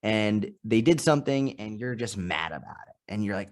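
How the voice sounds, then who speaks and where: A man's voice: on the low side, brisk, hardly any pauses. A man in his thirties in a casual interview, telling stories with lots of restarts and acting out the voices he quotes. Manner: animated storytelling, acts out quoted voices, frequent restarts. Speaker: podcast guest, strength and nutrition coach.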